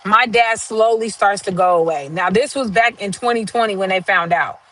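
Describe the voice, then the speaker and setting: A woman's voice: mid-range voice, moderate pace, a bit bright, rough recording. A woman on a live stream telling a long personal family story in a casual way, acting out the lines of the people in it and using many fillers. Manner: conversational, retells dialogue with "I was like", many fillers.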